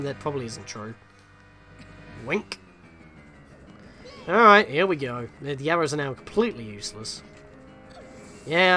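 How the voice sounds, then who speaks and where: A man's voice: on the high side, fairly bright tone. A man hosting a gaming channel, giving chatty, self-deprecating let's play commentary and reacting with surprise.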